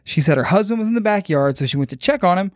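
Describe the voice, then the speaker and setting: A man with a slightly high voice telling a story on a casual podcast. His delivery is loose and profane, and he jokes as he goes. The recording sounds dry and close, with no room echo. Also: expressive, fast talker. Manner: loose, profane, joking retelling. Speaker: podcast host.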